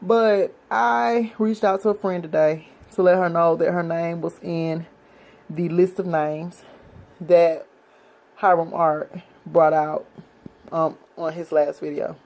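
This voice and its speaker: A woman's voice: lowish voice, fairly even intonation, slow pace, long pauses, a little mellow, poor audio. A woman vlogger who is out of breath, reading a history passage aloud and then speaking earnestly and directly to her viewers.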